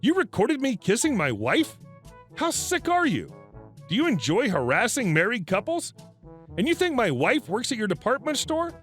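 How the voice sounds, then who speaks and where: A man's voice: sits high, big pitch swings, normal speed, a bit bright, soft background music. A man reading the part of an angry husband scolding store staff to defend his wife. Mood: indignant. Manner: indignant, scolding.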